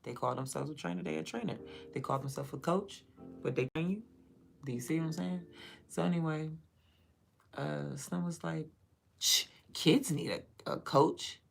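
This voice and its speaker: A woman's voice: low voice, moderate pace, creaky, a little mellow, soft background music. A young woman chatting casually on her livestream, blunt and profane, rambling. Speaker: livestream host.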